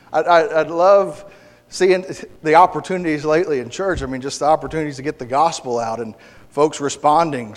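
A male pastor with a high-pitched voice delivers an impassioned sermon, often restarting and repeating words. His voice carries a long reverb from the church sanctuary.

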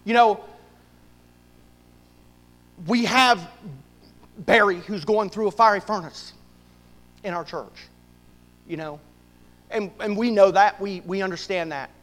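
A man preaching a sermon to his church, swinging from loud bursts to hushed asides. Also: sits high, takes it slowly, long pauses, in a large hall, low-quality recording. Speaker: pastor.

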